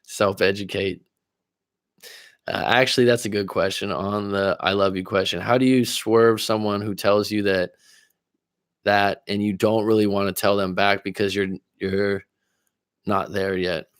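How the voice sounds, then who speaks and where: A man's voice: fairly low pitch, little pitch movement, a little slow, dry recording, studio quality. A man coaching on relationships during a livestream, chatting casually, reading viewer comments and telling personal stories with frequent laughs.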